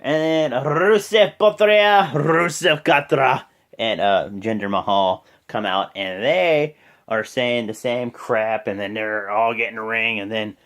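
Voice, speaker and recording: A man giving a casual, rambling recap of a wrestling show, excitable and swearing freely. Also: on the low side, measured pace.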